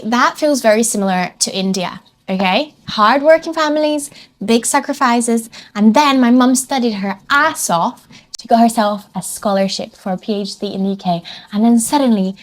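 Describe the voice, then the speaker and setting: A young woman from Brazil with a mixed Brazilian and British accent, telling her story in an animated, dramatic and playful vlog, with faint music behind. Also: a little high. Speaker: vlogger.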